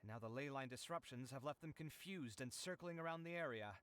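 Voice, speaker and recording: A man's voice: mid-range voice, fairly quick, fairly bright tone, smooth, no room sound, lightly acted. A man voicing a young male architect in a video game, exasperated and self-pitying, given to heavy sighs. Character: young male architect, frazzled, broke and dramatic. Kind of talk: game voice acting.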